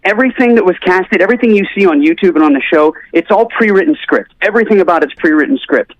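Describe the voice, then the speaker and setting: A man telling an animated story as a guest on a talk show, acting out the people he quotes. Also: high-pitched, fast talker, no echo, lo-fi sound. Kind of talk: casual storytelling.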